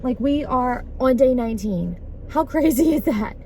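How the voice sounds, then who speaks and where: A woman's voice: high voice, lively intonation, normal speed, warm tone, slight background noise. Tired, chatty woman vlogging. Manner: chatty, tired, laughs often, many fillers. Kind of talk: casual vlog chat. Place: in her car, then at home.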